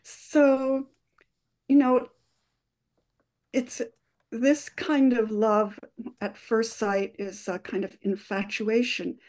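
A woman neuroscientist guest explaining love at first sight on a radio call-in show in a measured way. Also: a little high, fairly even intonation, darkish tone.

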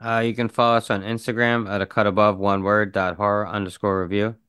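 A man co-hosting a podcast, talking in a friendly way with many fillers as he gives shout-outs. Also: lowish voice, little pitch movement, fairly quick, clean tone, no echo, studio quality. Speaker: podcast co-host. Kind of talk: casual podcast chat.

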